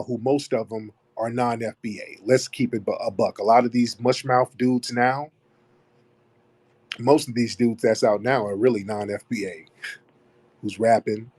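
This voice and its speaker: A man hosting a live audio chat room, talking at length in an emphatic way, repeating key phrases and slowing down to stress names and points. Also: medium pitch, husky.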